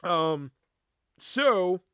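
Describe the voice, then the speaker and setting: A man with a fairly high, smooth and clear voice tells a rambling story on his podcast, swearing freely and trailing off with filler words. The sound is dry and close to the mic. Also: big pitch swings, extremely slow, a bit bright, no room sound. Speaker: podcast host. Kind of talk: casual storytelling monologue.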